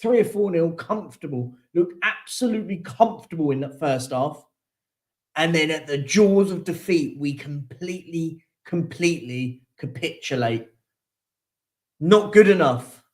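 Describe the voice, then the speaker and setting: A man's voice: on the high side, animated, normal speed, a little mellow. Frustrated young man ranting about football. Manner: frustrated, venting, repetitive emphasis. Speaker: football fan channel host. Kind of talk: live post-match reaction rant.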